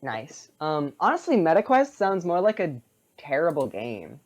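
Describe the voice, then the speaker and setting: A man co-hosting a casual gaming podcast, sarcastic and quick to laugh. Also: a little high, huge pitch swings. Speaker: podcast co-host. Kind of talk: casual chat.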